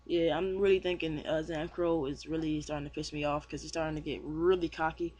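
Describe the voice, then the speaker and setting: A man's voice: on the high side, level tone, brisk, a little mellow. A young man casually reviewing a manga chapter, rambling with many fillers and restarts. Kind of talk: casual chat.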